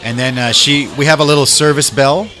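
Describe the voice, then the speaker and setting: Guy hosting a chat show, retells a bar story all animated, does the voices. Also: medium pitch, brisk. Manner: animated storyteller acting out quotes. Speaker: host.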